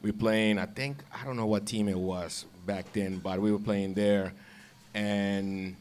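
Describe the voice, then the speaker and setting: Laid-back low-voiced man telling stories. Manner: laughs often, relaxed, repeats words. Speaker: guest, former baseball player. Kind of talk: casual storytelling.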